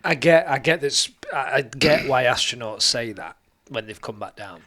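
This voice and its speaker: Brief: mid-pitched bloke, chatty and gossipy podcast co-host. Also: male voice, expressive, normal speed, a bit bright. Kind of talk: casual chat.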